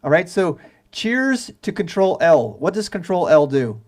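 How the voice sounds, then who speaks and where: A man's voice: a little high, sing-song, unhurried, a little mellow. A man casually teaching terminal commands on a live stream, rambling and restarting his sentences. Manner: rambling, restarts often, chuckles between points.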